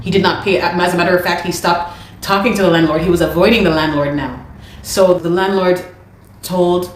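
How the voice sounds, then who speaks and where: A woman telling a personal story of a dispute in an animated, indignant way, often repeating words. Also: fairly low pitch, moderate pace, reverberant, a little hiss or hum. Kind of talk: casual spoken account.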